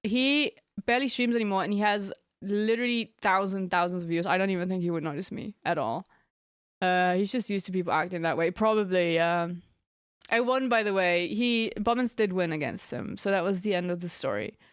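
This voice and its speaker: A woman's voice: mid-range voice, brisk, clean tone, no echo. Giggly young woman streamer, dry sound. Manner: giggly, rambling storytelling. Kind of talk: casual chat with stream viewers.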